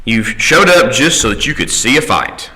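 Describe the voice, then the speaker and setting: A man teaching an adult Sunday school class in a church classroom. He checks in with the class by asking "right?" and slows down when he reads scripture aloud. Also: mid-range voice, animated, bright, forceful tone, a little hiss or hum, low-quality recording. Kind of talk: conversational Bible class teaching.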